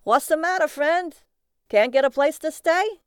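A woman voicing a chatty, friendly male cab driver who talks loudly and eagerly in a folksy way. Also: high-pitched, lively intonation, measured pace, no echo, studio quality, pitched above the performer's own voice. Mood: cheerful.

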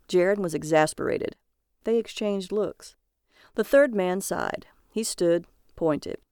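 A woman narrating a story aloud in a steady, even read-aloud delivery. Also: lowish voice, slow pace, smooth, no room sound, studio quality.

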